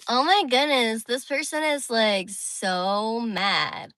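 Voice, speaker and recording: A young woman with a squeaky voice chatting casually on a phone livestream, saying "like" often. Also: a bit bright, poor audio. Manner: chatty, heavy use of "like", reads viewer comments.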